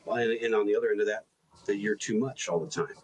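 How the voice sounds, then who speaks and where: A man's voice: lowish voice, quick pace, slightly rough, rough recording. A man co-hosting a coaching podcast, talking earnestly in a casual conversation and often repeating words as he builds a point.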